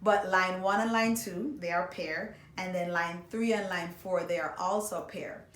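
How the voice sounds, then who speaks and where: A woman's voice: on the low side, steady tone, unhurried, fairly bright tone. Woman teaching songwriting in an echoey room. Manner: explains patiently, addresses students directly. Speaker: music teacher. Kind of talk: recorded songwriting lesson. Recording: echoey room, faint background noise.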